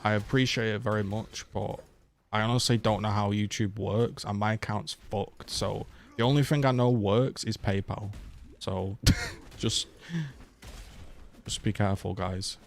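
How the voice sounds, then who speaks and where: A young man with a lowish voice talks loosely while he plays on a live stream, cursing often and stopping to thank viewers for their support. A faint noise sits under his voice. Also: fairly even intonation, measured pace, vocal fry. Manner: laid-back, swears a lot, thanks viewers for donations. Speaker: game streamer. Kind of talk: casual live-stream chat.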